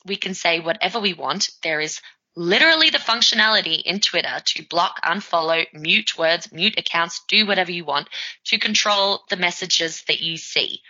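A woman's voice: lowish voice, pushed and bright. A woman co-hosting a casual podcast, speaking emphatically in a heated rant. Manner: emphatic, ranting. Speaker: podcast co-host. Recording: dull lo-fi sound.

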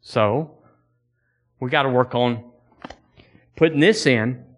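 A man's voice: medium pitch, slow. A man preaching a sermon to his congregation, folksy and conversational, often repeating words as he builds a point and quoting old-fashioned scripture. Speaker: pastor.

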